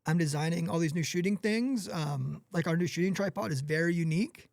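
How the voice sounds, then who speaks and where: A man's voice: a little high, a little fast, gravelly, a little mellow, no echo, studio quality. A man in his forties, a podcast guest who runs a gear company, talking candidly in an earnest, apologetic way with many restarts.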